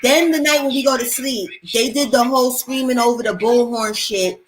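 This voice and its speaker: A young woman hosting a casual chat, telling a long story in an animated, streetwise, profane way. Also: on the high side, normal speed, low-quality recording. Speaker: host.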